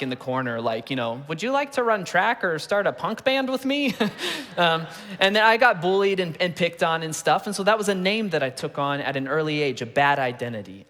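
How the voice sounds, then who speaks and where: A man's voice: mid-range voice, a bit bright. A man in his thirties preaching a sermon, telling stories with playful asides and acting out the voices of the people in them. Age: 30s. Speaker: pastor. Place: large church auditorium. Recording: long reverb of a large church hall.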